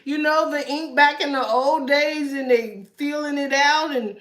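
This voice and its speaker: A woman's voice: high voice, a little slow, fairly bright tone, roomy sound. A woman giving a live tarot reading, chatting to her viewers in a loose, joking way and often breaking into laughter. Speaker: tarot reader.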